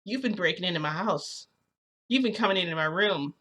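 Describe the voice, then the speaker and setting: Picture a stern grown man hero firing off blunt accusations, quoted by a woman in her everyday voice. The tone is bright and a little low. He sounds like he is questioning someone he caught. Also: animated, fairly quick. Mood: accusing.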